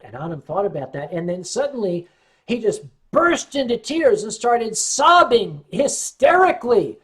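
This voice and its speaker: A man's voice: high voice, very animated, a little slow, a bit bright. Wry, tipsy man hosting a livestream. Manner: wry, joking, rambling storyteller. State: tipsy from wine. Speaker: livestream host reading chat. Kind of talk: casual chat on a livestream.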